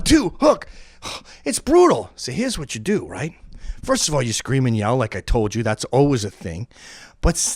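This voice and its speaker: Animated man with a lively, swooping voice. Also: on the high side, no echo, studio quality. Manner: animated, acts out screams and quoted voices. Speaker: comedic host. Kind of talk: profane comedic monologue.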